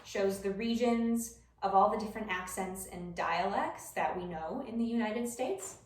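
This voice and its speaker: A woman's voice: mid-range voice, normal speed. A young adult woman giving a class presentation, explaining step by step with scattered ums. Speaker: student presenter. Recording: roomy echo, voice far from the mic.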